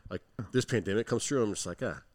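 A man's voice: lowish voice, fast, no echo. A man hosting a podcast, asking about a guest's business and sharing his own story in loose, filler-heavy talk. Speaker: podcast host. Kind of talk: casual interview.

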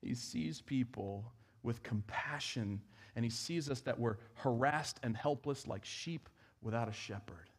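A man preaching a sermon in church, talking conversationally and swinging from emphatic, raised lines to quiet, hushed ones. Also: mid-range voice, unhurried, husky. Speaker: pastor.

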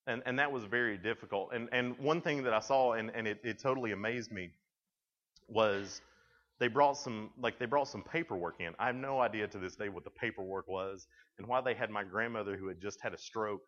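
A young man speaking to junior high students, telling stories in a conversational way with frequent restarts. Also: a little fast, a bit bright, in a large hall. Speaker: youth speaker. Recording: dull lo-fi sound.

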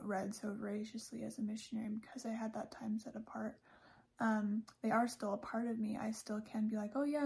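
A woman's voice: mid-range voice, creaky, darkish tone. A woman hosting a podcast, talking casually about a religious speech, chatty, with frequent laughs and fillers. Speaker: podcast host.

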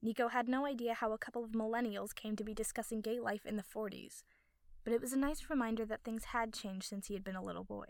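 Gravelly woman narrating a story. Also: on the high side, steady tone, a little fast, dry recording. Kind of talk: audiobook fan fiction reading.

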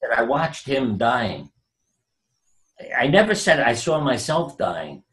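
A man's voice: medium pitch, big pitch swings, slow pace, fairly bright tone. An older man telling personal stories in an interview, acting out what people said. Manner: anecdotal, acts out quoted voices. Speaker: guest. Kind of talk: storytelling interview.

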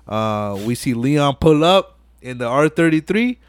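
A man hosting a podcast, retelling a film scene by scene in animated, slang-heavy, profane casual talk full of fillers. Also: mid-range voice, measured pace, clean tone, no room sound. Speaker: podcast host. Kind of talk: casual movie recap.

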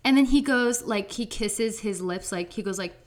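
A young woman co-hosting a podcast, telling animated stories in casual chat and acting out quotes. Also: moderate pace. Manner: animated storytelling, acts out quotes in a high voice. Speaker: podcast co-host.

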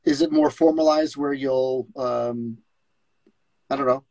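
A man's voice: medium pitch, fairly even intonation, a little slow, darkish tone, no room sound. Male podcast co-host, inquisitive and friendly, dry recording. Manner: curious, asks questions. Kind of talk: casual chat.

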